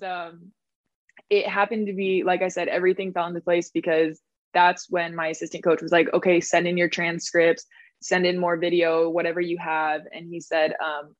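Lively young woman, lo-fi audio. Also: lowish voice, no room sound. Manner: lively, laughs often, acts out quotes in her stories. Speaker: guest, former pro volleyball player. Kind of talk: casual podcast storytelling. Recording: dull lo-fi dry podcast audio.

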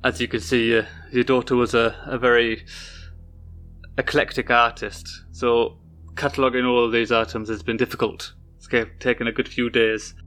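A man's voice: medium pitch, flat delivery, moderate pace, a bit bright, natural voice. A man voicing an awkward undercover agent who speaks in a prim, formal way, fumbling with fillers. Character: awkward male agent posing as a polished researcher.

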